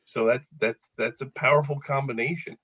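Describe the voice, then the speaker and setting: A comedian in his fifties chatting as a guest, telling animated stories and acting out what people said. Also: medium pitch, brisk, slightly rough, phone-quality sound. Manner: animated storyteller who acts out quotes. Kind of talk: casual chat with comic anecdotes.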